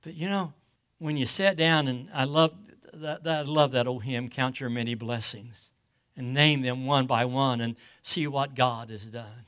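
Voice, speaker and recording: A man preaching a sermon as pastor, reading scripture slowly and with emphasis, and questioning the congregation. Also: mid-range voice, steady tone, fairly bright tone. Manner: asks the congregation rhetorical questions; stumbles and repeats words when speaking personally.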